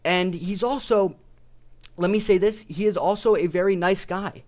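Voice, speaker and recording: Profane rambling young man, high voice. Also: normal speed. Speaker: video creator. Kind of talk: casual ranting commentary.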